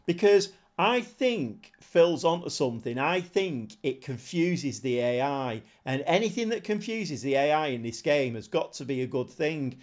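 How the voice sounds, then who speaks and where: A man's voice: on the high side, lively intonation, unhurried, hardly any pauses. A man chatting casually on a live stream, thinking aloud in a rambling way and chuckling often. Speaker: game streamer.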